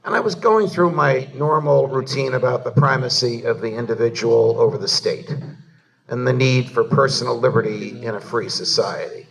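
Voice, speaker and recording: A man's voice: mid-range voice, moderate pace, creaky, far from the mic. A man from New Jersey giving a humorous storytelling speech to a live audience in an event hall, leading each anecdote to a punchline. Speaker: keynote speaker.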